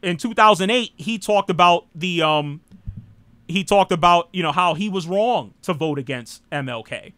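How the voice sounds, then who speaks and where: Brief: American male talk host, high bright voice, dry close sound, rambling and blunt. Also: normal speed, dry recording. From United States. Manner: rambling, frequent "you know", blunt and irreverent. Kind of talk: casual live political talk.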